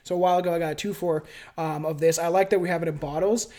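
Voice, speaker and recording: A man from Canada with a high, light voice chats loosely on a podcast. He is profane and relaxed, often laughing as he stumbles through his script, recorded on a home mic setup at a friend's place. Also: very fast. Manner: casual and profane, laughs while reading notes. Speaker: podcast host. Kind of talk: casual podcast chat with scripted reading. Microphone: different home mic setup.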